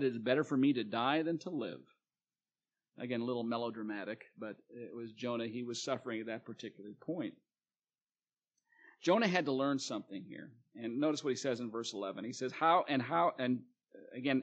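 A man's voice: medium pitch, highs cut off. A male preacher reading scripture aloud and explaining it in a plain sermon, with fillers and restarts.

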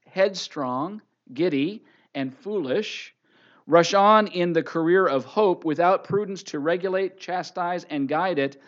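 A male pastor preaching with emphasis and repeating each scripture reference for his listeners. His voice sits fairly high, and the sound is dull and lo-fi. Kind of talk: sermon.

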